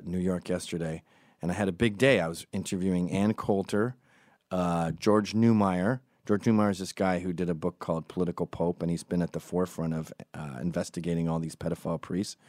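A man's voice: low-pitched, no echo, clean studio sound. A man, telling rambling, sardonic stories in a casual comedic monologue. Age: 40s. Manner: rambling, sardonic storytelling with voiced asides. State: recovering from strep throat.

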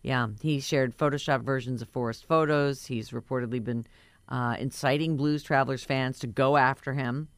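A woman's voice: rumbling low, fairly even intonation, moderate pace, no room sound. A woman co-hosting a radio talk show, chatting casually as she reads out entertainment news items with her own asides.

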